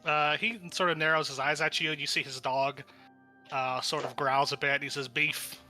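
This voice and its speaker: A man's voice: fairly high pitch, little pitch movement, brisk, over music. A man narrating as game master of a tabletop game, rambling and restarting his sentences as he describes the scene. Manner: rambling, lots of fillers and restarts.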